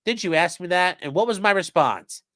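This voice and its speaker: Brief: male streamer, lively, a bit high-pitched, swears freely, dry close sound. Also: moderate pace, dry recording. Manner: profane, animated, reads quotes in shifting voices. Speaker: legal commentary streamer. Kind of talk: casual live-stream commentary reading a transcript.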